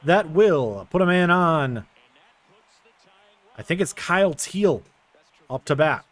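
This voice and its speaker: A young man narrating his baseball video game play by play, quickly getting frustrated at the game. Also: a little high, animated, no echo. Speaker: gaming YouTuber. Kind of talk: casual video game commentary.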